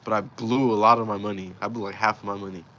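A young man with a fairly low voice, talking loosely and profanely as he recounts a story from his own life. His delivery is casual and slangy, with plenty of restarts. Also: little pitch movement, quick pace, pushed and bright, slight background noise. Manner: slangy, profane, rambling retelling. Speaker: vlogger telling a personal story.

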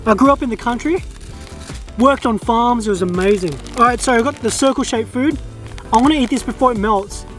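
A man's voice: very high-pitched, faint music behind. A young Australian man chatting casually to camera outdoors while trying food, easygoing and talkative. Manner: chatty, easygoing, drawn-out mm sounds while tasting. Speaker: food vlogger. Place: quiet open field outdoors.

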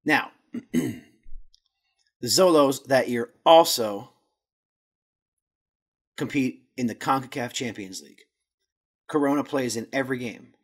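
A man with a slightly husky voice runs a casual podcast recap from his notes. He tosses in jokey asides and trips over Spanish words as he goes. His pitch sits in a middle range. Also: slow pace, long pauses. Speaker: podcast host.

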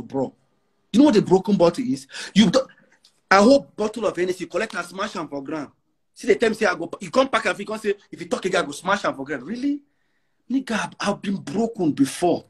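Nigerian man in his 40s with a Pidgin-laced accent, boastful interview guest, high husky voice with lively swings. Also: fast talker. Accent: Nigerian English with Pidgin. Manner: emphatic, repeats himself, mixes in Pidgin.

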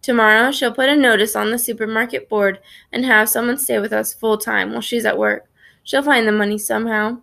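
A woman's voice: on the high side, steady tone, a little fast, creaky, pushed and bright. A woman narrating a children's story in the first person, reading expressively. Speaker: audiobook narrator.

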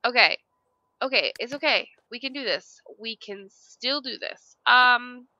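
A woman's voice: fairly high pitch, unhurried, lo-fi sound. A woman giving casual, emotional commentary while playing a life-simulation game, with frequent dramatic exclamations. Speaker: let's play gamer.

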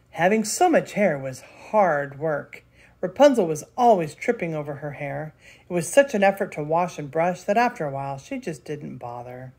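An older woman, a grandmother, reading a picture book aloud with lively expression. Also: sits low, breathy edge. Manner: expressive, laughs between lines. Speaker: storyteller.

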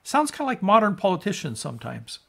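A man's voice: sits high, huge pitch swings, fast, creaky, bright, forceful tone. A man preaching a sermon as a pastor, emphatic and conversational, asking his listeners rhetorical questions. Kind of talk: sermon on scripture.

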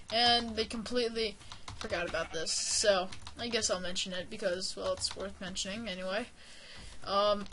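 A woman chatting through a block-building game session in a playful, rambling way, cracking jokes at her own expense and giggling between thoughts. Her voice sits at an ordinary middle pitch. The home mic picks up a clear hiss along with the clicking of a keyboard. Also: fairly bright tone. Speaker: gameplay commentator. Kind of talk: casual let's-play commentary.

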